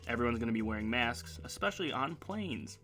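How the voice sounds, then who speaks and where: A man's voice: mid-range voice, expressive, fairly quick, fairly bright tone, soft background music. A man in his thirties hosting a casual internet radio show, rambling and joking on his own. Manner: rambling, jokey, reads sponsor ads in a hyped voice. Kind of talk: casual solo talk show.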